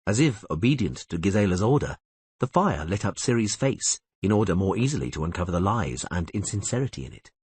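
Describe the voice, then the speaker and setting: A man narrating a fantasy audiobook in an expressive, varied style. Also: sits low, fairly quick, husky, no room sound. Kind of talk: scripted narration.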